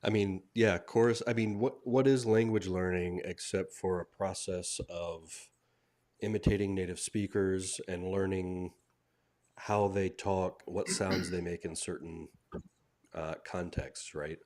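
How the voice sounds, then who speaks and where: A man with a very low voice hosting a casual live online talk. He agrees easily and moves the conversation along in a relaxed way. His tone is steady and conversational. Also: unhurried. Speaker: host. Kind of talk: casual chat on a livestream.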